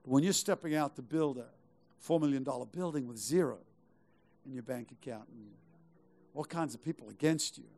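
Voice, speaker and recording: A man's voice: mid-range voice, normal speed, darkish tone. A middle-aged male pastor preaching a sermon, urging the congregation on with rhetorical questions and repeated phrases. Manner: emphatic, exhorting with rhetorical questions and repetition.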